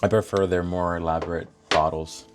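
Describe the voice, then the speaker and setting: Low-voiced guy doing a casual perfume unboxing, chatty and animated, faint music behind. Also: a little fast. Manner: animated, thinks aloud, many fillers and restarts. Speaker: fragrance reviewer.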